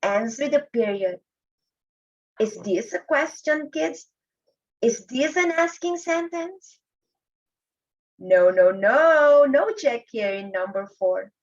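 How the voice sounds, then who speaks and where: Woman, grade one teacher, slow and patient, slightly high voice, muffled lo-fi sound. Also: lively intonation. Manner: patient, drawn-out, addresses kids often. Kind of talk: slow classroom lesson for children. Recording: dull lo-fi recording.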